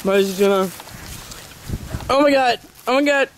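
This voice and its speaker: A young man giving excited, laughing casual commentary on an amateur wrestling match, exclaiming and counting pins. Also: very high voice, measured pace. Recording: noisy amateur outdoor recording.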